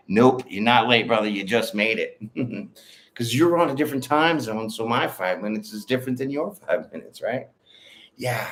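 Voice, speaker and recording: A man's voice: on the low side, animated, measured pace, fairly bright tone. A man giving a casual livestream tarot reading, talking in a direct, bold and slangy way and laughing often. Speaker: tarot reader.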